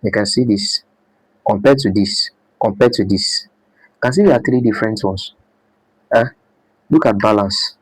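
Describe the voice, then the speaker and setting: A man teaches a design class in a low, husky voice. He repeats key points and throws questions back at his students. The sound is dry and close. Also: normal speed, long pauses, no echo, rough recording. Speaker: design instructor. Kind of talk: live class lecture.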